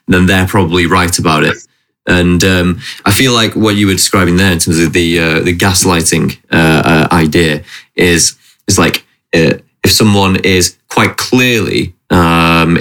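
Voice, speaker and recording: A man's voice: low voice, fairly bright tone. A man interviewing a guest, asking thoughtful questions in a hesitant way with many fillers.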